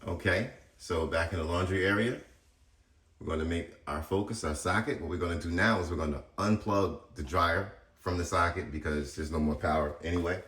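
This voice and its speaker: A man's voice: low-pitched, brisk, fairly bright tone, reverberant. A man hosting a casual how-to video, talking straight to viewers in a blunt, chatty way while he works around his house. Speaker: DIY solar video host. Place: house interior, laundry area.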